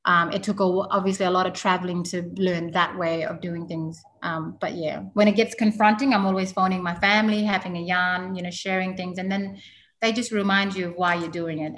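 Low-voiced woman telling stories. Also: fairly even intonation, fairly quick. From Halls Creek, Western Australia. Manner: yarning, warm-hearted, frequent fillers like "you know". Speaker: interview guest. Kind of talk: conversational storytelling.

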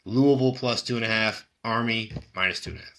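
A man's voice: lowish voice, fast talker, a bit bright. A man co-hosting a sports betting podcast, talking loosely and rambling, with casual swearing. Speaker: podcast co-host.

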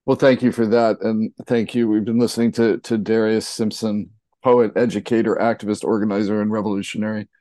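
Male radio host, dry studio sound; appreciative, halting interviewer. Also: on the low side, flat delivery, warm tone, dry recording. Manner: appreciative, halting with fillers and restarts.

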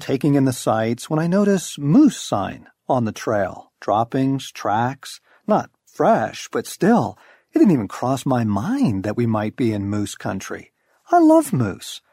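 A middle-aged male audiobook narrator reads a devotional book aloud in a scripted delivery, giving it wry, storytelling emphasis. His medium-pitched voice is mellow and husky, very animated yet measured in pace. The recording is clean studio sound with no room sound.

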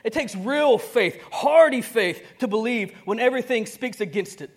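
A man preaching a sermon to a congregation, conversational and animated. He acts out dialogue, with sudden swings between soft and loud, and chuckles often. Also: very high-pitched, normal speed, husky. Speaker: pastor.

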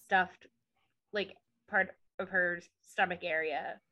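A woman's voice: lowish voice, steady tone, slow, lo-fi sound. A woman co-hosting a podcast, chatting casually and opinionatedly as she recaps a show, with many asides. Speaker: podcast co-host.

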